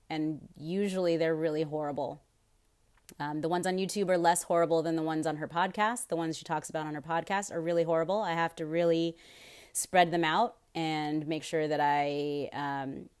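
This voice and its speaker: Fired-up, swearing woman podcast host. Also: sits low. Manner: rambling, swears freely, gets fired up with outrage. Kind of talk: casual solo podcast talk.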